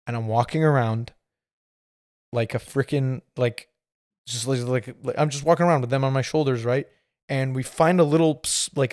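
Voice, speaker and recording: A podcast host, a man in his thirties, laughs through a rambling casual story loaded with fillers. His voice is medium-pitched and darkish, heard in clean studio sound with no room sound.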